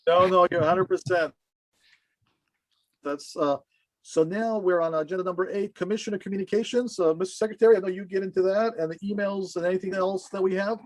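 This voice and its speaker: Halting man chairing a meeting. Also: sits high, steady tone, no echo. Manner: halting, informal, many fillers. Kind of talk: chairing a video-call meeting.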